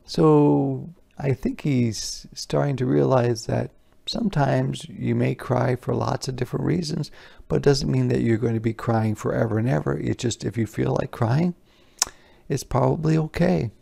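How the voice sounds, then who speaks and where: A man's voice: medium pitch, moderate pace, creaky, breathy edge. A man teaching by reading a picture book aloud to young children, stopping to explain words and pictures in simple terms. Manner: puts gentle emphasis on the words he reads aloud.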